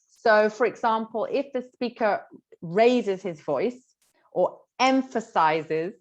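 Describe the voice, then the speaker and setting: A woman teacher walks students through exam tips in a chatty, easygoing way, filling pauses as she works through her examples. Her voice sits a little low, and the recording is somewhat dull and lo-fi. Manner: chatty, explains with examples, many fillers. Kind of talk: exam tips lesson to camera.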